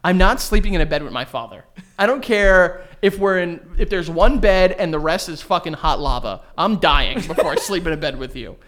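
A young man, riffing in a loose comedy podcast. He tells crude, animated stories and slips easily into laughter, his voice sitting a bit high. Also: fairly quick. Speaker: podcast co-host. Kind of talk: casual comedic chat.

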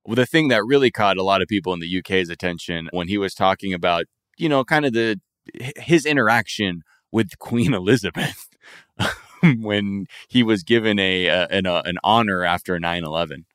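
A man with a lowish voice hosting a casual comedy podcast. He talks with wry, sarcastic asides, recorded close and dry with no room sound. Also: moderate pace, fairly bright tone, clear, resonant tone, dry recording. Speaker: podcast host.

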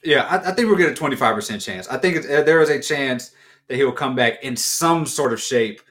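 A man's voice: mid-range voice, lively intonation, a little fast, a bit bright. A man co-hosting a casual sports talk show, rambling through his points with restarts and bursts of laughter. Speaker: co-host.

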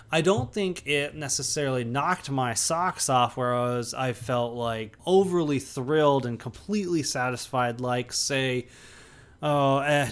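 A man's voice: medium pitch, clear, resonant tone. A man co-hosting a podcast, chatting casually through a movie review with many fillers and restarts. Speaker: podcast co-host.

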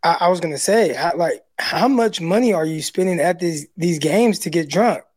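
A man's voice: a little high, animated, normal speed, darkish tone, breathy edge. Easygoing, joking man with a slight stammer. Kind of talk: casual sports chat.

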